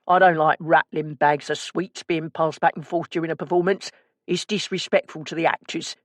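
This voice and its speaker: A woman voicing a gruff, quietly menacing middle-aged man with an East End London accent in an audiobook. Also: low-pitched, fairly even intonation, normal speed, no room sound, studio quality. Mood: curt.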